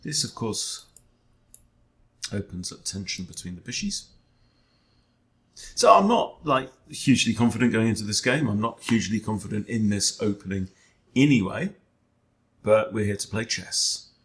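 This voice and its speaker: A man's voice: lowish voice, normal speed. A man, a chess coach, thinking aloud during an online game in a wry, self-deprecating way, often muttering to himself.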